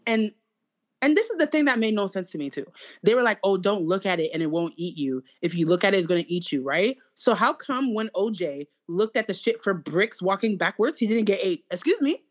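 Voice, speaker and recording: Young woman ranting, profane and animated. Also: medium pitch, fairly quick. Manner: animated, profane, mocking ranting with quoted asides. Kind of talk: casual chat.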